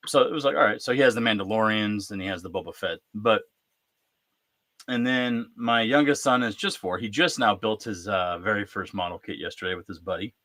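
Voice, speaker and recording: A man in his thirties hosting a casual live-stream chat, talking in a lively, chatty way and acting out bits of family conversation. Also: lowish voice, fairly quick, no room sound. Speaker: host.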